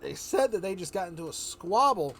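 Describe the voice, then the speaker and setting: A man on a livestream telling a story in a loose, rambling way, often correcting himself and slipping into quick voices for the characters. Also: sits high, expressive, fairly bright tone, slight background noise. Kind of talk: casual storytelling chat.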